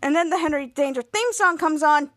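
A woman's voice: high-pitched, fairly quick, fairly bright tone. A woman hosting a podcast who casually recaps a TV episode, often restarting her sentences as she retells each scene. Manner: retells scenes with frequent restarts and quoted lines. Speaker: podcast host.

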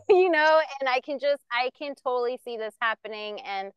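A young woman co-hosting a casual gossip podcast, chatty and quick to laugh, often reminding listeners that the stories are alleged. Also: high-pitched, lively intonation. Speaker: podcast co-host. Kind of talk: casual pop-culture gossip chat.

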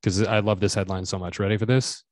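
A man's voice: lowish voice, fast, no room sound, studio quality. A man co-hosting a podcast, telling a comic story with lots of swearing and acted-out quotes. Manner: animated storyteller, swears freely, acts out quotes. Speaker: podcast co-host. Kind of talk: casual comedic chat.

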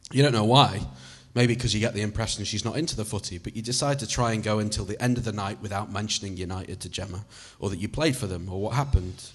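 A man reads a story aloud, addressing the listener as "you." His voice is somewhat low and husky. He keeps a conversational tone with the odd swear. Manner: second-person narration, conversational, swearing. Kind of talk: audiobook reading.

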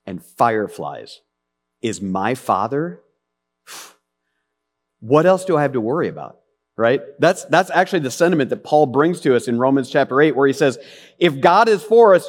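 A middle-aged man preaching a sermon, earnest and conversational, with rhetorical questions and asides. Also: mid-range voice. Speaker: pastor.

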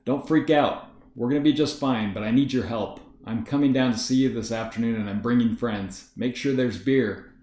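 A man's voice: mid-range voice, normal speed, a little mellow, echoey room, natural voice. A man doing a breezy, upbeat buddy. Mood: cheerful. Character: cheerful, upbeat male tech friend.

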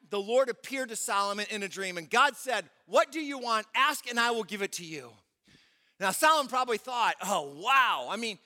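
A pastor preaches in a bright, forceful voice that sits high for a man. He speaks conversationally, throws questions to the congregation and acts out quoted prayers. His voice rings with long reverb in a church auditorium. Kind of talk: sermon.

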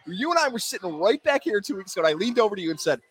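A male sports co-host speaking fast in a somewhat high voice that moves a lot. He tells stories and defends his ballot in a quick, eager rush. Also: very animated, a bit bright, breathy edge. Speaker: sports talk co-host and Heisman voter. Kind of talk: casual sports radio banter.

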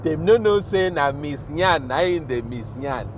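Young naija guy, pidgin accent, slow laid-back storytelling, bit higher voice. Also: slight background noise. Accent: Nigerian Pidgin. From Nigeria. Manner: animated, laughing, slow drawn-out telling. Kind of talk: casual storytelling.

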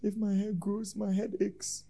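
A man mimicking a complaining church member in a hushed, mocking voice. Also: high voice, little pitch movement, unhurried, creaky, voice pushed up, full character voice. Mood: whiny.

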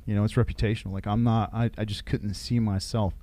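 A man, a military veteran, telling stories in a casual interview, with halting restarts. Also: fairly low pitch, little pitch movement, mellow.

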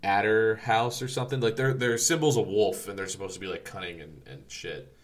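A man's voice: on the low side, a little fast. A man co-hosting a podcast in casual chat, rambling with many fillers and restarts. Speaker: podcast co-host.

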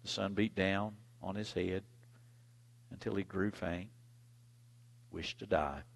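A male preacher reading scripture and telling a story in a sermon, with dramatic swings in loudness. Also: sits low, steady tone, slow pace, vocal fry. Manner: dramatic, dynamic delivery, big swings in loudness.

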